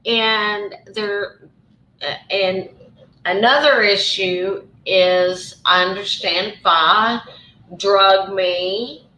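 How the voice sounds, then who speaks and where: A woman with a Southern US accent hosts a casual live chat. She speaks very slowly and carefully, with a bright voice. The sound bounces around an echoey room. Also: mid-range voice, steady tone. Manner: slow and careful, hesitant. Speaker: live stream host.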